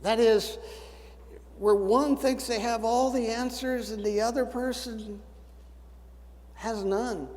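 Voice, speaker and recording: A man's voice: very high voice, fairly even intonation, takes it slowly, pauses often, darkish tone. A man in his seventies preaching a sermon, folksy and storytelling with dry humor. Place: church sanctuary. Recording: church sanctuary with long reverb.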